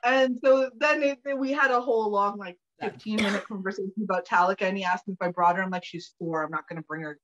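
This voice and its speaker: A woman guest telling a funny story in casual chat, animated and laughing often. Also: mid-range voice, fast talker, few pauses. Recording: dull lo-fi audio.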